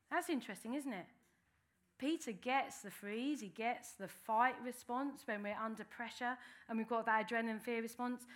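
A woman's voice: on the high side, a little fast, fairly bright tone. A woman preaching a sermon in an earnest, conversational way.

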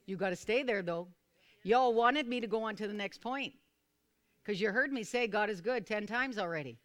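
Bright, crisp-voiced woman preaching. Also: medium pitch, moderate pace. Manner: repetitive, calls for responses from listeners; bursts into loud fervent exclamations. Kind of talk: sermon to a small responsive group.

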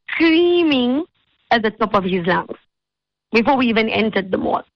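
A woman hosting a radio talk show, telling a story with animated, acted-out quotes. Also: mid-range voice, dry recording, dull audio. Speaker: radio host.

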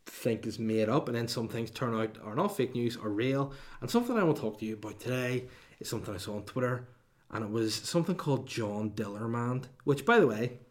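Sweary comic host. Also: male voice, fairly low pitch. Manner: sweary, digressive, mock-outraged. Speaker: comedy podcast host. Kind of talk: rambling comic monologue.

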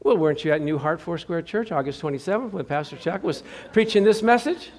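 A middle-aged man preaching a sermon as pastor in a church, jokey and animated, acting out the voices he quotes. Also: a little high, a little fast.

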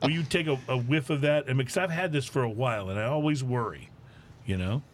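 A man hosting a casual podcast about drinks and cigars, talking in a relaxed, chatty way. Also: medium pitch, fast, slight background noise. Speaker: podcast host. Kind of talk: casual chat.

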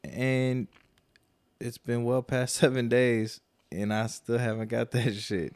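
A man's voice: medium pitch, flat delivery, slow pace, a little mellow, smooth, dry recording. A man co-hosting a podcast, telling a long, profane story in a casual, rambling way and quoting people as he goes. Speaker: podcast co-host.

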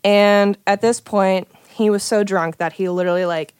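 A woman's voice: medium pitch, fairly even intonation, moderate pace, darkish tone, clear, resonant tone, no echo, studio quality. A young woman in casual chat, telling a personal story with animation, acting out quoted lines and swearing freely.

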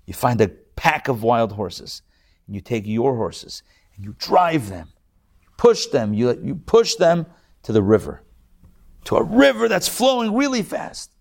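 A man playing a Kazakh man who proudly praises his homeland's horses, with a gravelly, lowered voice and emphatic repetition. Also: very animated, unhurried, exaggerated voice. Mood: vivid.

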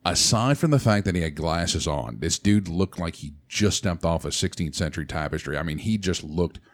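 A man's voice: low-pitched, moderate pace. A man telling a story in casual podcast chat, laughing often and acting out the voices of the people in it. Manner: animated storyteller, laughs often, acts out quotes.

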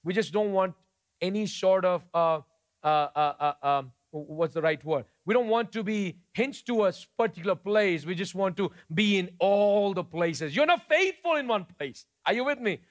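High-voiced preacher. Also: male voice, lively intonation, moderate pace. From India. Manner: conversational preaching, shifting between soft storytelling and emphatic declarations. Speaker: pastor. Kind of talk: sermon.

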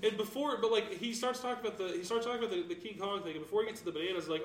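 A young man co-hosting a podcast, telling a rambling funny story in a relaxed, joking way. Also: sits high, racing, hardly any pauses, distant mic. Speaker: podcast co-host. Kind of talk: casual group chat. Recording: echoey room, a little off-mic.

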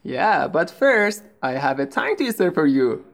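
A woman co-hosting a scripted language lesson as an English teacher, explaining patiently and clearly. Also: low voice, big pitch swings, a little slow.

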